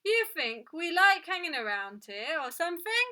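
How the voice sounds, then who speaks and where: Woman voicing irate queue customers, storybook reading, indignant calls, loud, sharp and bright. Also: very high-pitched, sing-song, normal speed, voice pushed up, exaggerated voice. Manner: indignant, grumbling, calling out.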